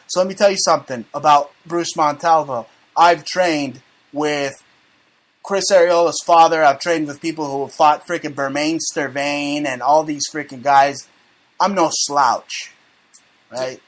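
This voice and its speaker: An American man hosting a talk show, slightly high-voiced, with a brash and boastful delivery. He swears freely and rants in a casual, conspiratorial tone. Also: fairly even intonation, unhurried. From United States. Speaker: host.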